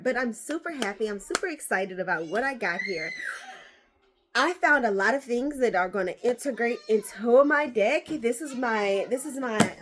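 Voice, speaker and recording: A woman vlogger chatting casually as she opens card packs, animated and swearing freely. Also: on the high side, noisy background. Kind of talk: casual chat.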